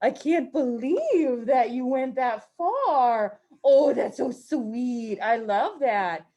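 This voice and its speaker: A woman's voice: high voice, lively intonation, mellow, exaggerated voice. Woman putting on a sweet Midwestern grandma. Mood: gushing. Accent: Midwestern American. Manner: slow, drawn-out, gushing.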